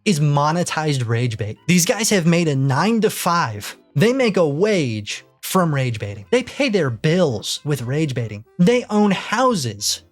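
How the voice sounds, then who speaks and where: A young man ranting casually to camera, exasperated and swearing freely, repeating himself as he gets worked up. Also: on the high side. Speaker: YouTuber. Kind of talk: ranting commentary.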